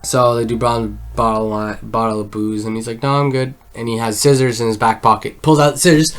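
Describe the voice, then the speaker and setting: A man's voice: lowish voice, steady tone, quick pace. A man casually recapping a film, rambling, swearing often and leaning on "like" as a filler. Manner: rambling, swears a lot, heavy use of "like". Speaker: film reviewer.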